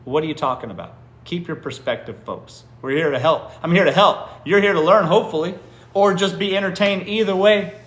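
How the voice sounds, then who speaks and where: A man's voice: high voice, fairly quick, fairly bright tone, echoey room. A man hosting a live stream, giving blunt, teasing advice to viewer comments and often asking "what?" in disbelief. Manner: blunt, swears freely. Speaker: livestream host answering viewer comments. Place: indoor room during a live stream.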